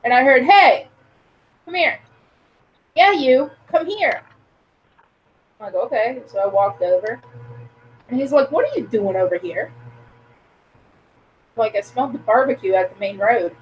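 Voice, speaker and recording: A woman's voice: mid-range voice, normal speed, pauses often, slight background noise, low-quality recording. A woman chatting casually, telling a blunt, crude story and acting out the dialogue. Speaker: podcast co-host. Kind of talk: casual chat.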